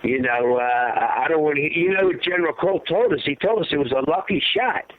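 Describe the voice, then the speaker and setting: A man's voice: lively intonation, fairly quick, dry recording. Impassioned man on a tinny phone line. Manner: impassioned, rambling, drops to a heavy low voice. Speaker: guest, father of a fallen soldier. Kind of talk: emotional storytelling interview. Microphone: phone call.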